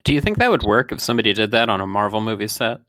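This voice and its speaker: A man with a low, deep-set voice makes wry, quick jokes in casual podcast banter. His voice is close and dry, with no room sound around it. He keeps an easygoing conversational flow. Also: big pitch swings, fairly bright tone, no echo. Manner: dry, quick-witted quips. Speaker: podcast co-host. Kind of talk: casual chat.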